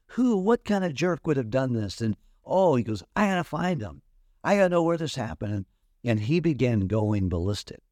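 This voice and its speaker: A man's voice: deep voice, no echo, studio quality. A man preaching a sermon and telling stories, acting out the people he quotes. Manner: storytelling with animated acted-out quotes. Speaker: pastor.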